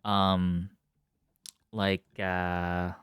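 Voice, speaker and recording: A man with an East Coast American accent, co-hosting a casual movie podcast, talking in an animated way and jumping up in pitch when he gets excited. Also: very slow, clear, resonant tone, no room sound, clean studio sound. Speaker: podcast co-host. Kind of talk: casual chat.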